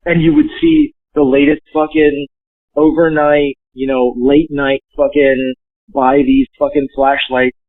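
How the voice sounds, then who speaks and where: A man talking as a podcast guest in casual chat, joking and cursing as he tells stories in a lively way. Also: mid-range voice, a little slow, dry recording. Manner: profane, joking, animated storyteller. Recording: tinny dry phone line.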